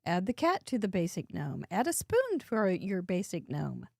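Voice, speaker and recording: A woman's voice: lowish voice, huge pitch swings, normal speed, vocal fry, warm tone, dry recording, studio quality. A woman hosting a live crafting show, chatting in a bubbly way and laughing often while she works. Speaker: host. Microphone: headset earbud.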